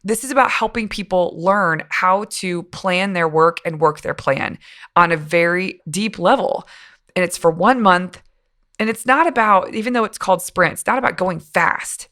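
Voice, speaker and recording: A woman hosts a casual solo podcast from home, her fairly low voice still a little rough from the morning. She talks in an upbeat, encouraging way, like a coach cheering on her listeners. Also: fairly bright tone. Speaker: podcast host.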